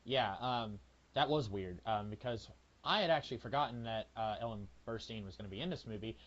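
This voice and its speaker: A man co-hosting a podcast in casual movie review chat, telling things in a rambling, halting way full of fillers and restarts. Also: lowish voice, a bit bright. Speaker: podcast co-host. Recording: lo-fi, dull sound.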